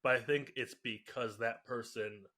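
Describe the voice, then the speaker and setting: A young man co-hosting a podcast, talking in loose, rambling chat full of ums and quick laughs. His voice is bright and a bit tense, with a middling pitch. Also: steady tone. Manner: rambling, filler-heavy, laughs often. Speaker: podcast co-host.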